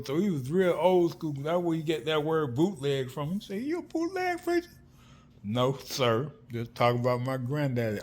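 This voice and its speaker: A middle-aged man from South Florida telling family stories in an animated, slangy vlog monologue, acting out the people he quotes. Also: mid-range voice. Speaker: vlogger. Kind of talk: casual storytelling monologue. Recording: faint background noise.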